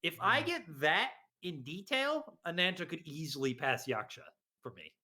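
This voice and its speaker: A young man in casual podcast chat, emphatic and animated, swearing casually. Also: a little high, moderate pace. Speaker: podcast co-host.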